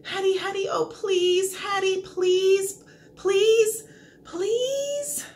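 A woman voicing an excitable, hungry pet dog that begs and whines dramatically. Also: extremely high pitch, normal speed, pitched above the performer's own voice. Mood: pleading whine. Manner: whiny, begging, exclamatory.

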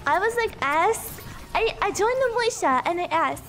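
A woman's voice: very high voice, expressive, normal speed, a bit bright, soft background music. A young woman streaming a video game, chatting casually and giggling often. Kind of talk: casual gameplay chat.

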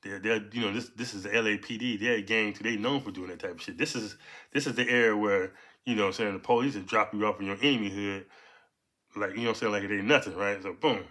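A man in his fifties from Los Angeles, telling a personal story in animated, profane street talk. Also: fast talker. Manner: animated, profane, punctuates with "boom". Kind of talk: casual storytelling.

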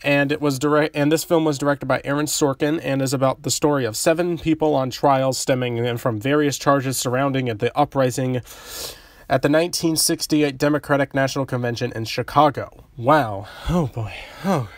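A man giving a casual movie review, talking quickly and stumbling over words with many ums and restarts, a little out of breath from a head cold. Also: mid-range voice, steady tone, no room sound. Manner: talks fast and stumbles, frequent ums and restarts.

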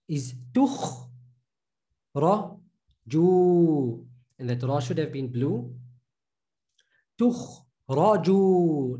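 A man's voice: on the high side, warm tone. A man teaching reading in a recorded pronunciation lesson, patiently drilling syllables and repeating each sound several times. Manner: patient, drills syllables with many slow repetitions.

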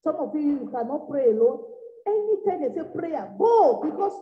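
High-voiced woman preaching revival. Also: sing-song, moderate pace. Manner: exhorting, repetitive, swinging from soft to loud bursts. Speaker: evangelist preacher. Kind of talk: revival sermon. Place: church meeting room. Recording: echoey, dull lo-fi room recording.

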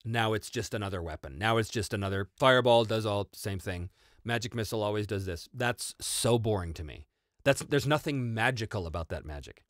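Animated low-voiced man chatting casually. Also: a little fast, no room sound, studio quality. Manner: animated, rambling, many fillers and restarts. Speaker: solo tabletop RPG channel host answering viewer questions. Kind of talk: casual chat.

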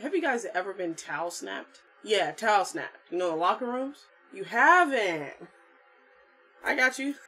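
A young woman hosting a horror game playthrough, chatting playfully with viewers and reacting loudly to scares. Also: medium pitch, lively intonation, brisk, hardly any pauses, husky, faint music behind. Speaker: gaming channel host. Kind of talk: horror game let's play commentary.

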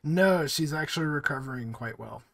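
A man's voice: fairly high pitch, moderate pace, gravelly, a crowd in the background. A man in his twenties hosting a casual podcast, laughing often and rambling with fillers. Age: 20s. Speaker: podcast host. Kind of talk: casual chat.

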